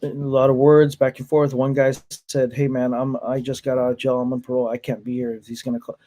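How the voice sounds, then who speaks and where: A man's voice: medium pitch, little pitch movement, fairly quick, warm tone. A man who teaches martial arts, telling stories in casual chat, swearing freely, laughing often and acting out what people said. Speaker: martial arts instructor, podcast guest.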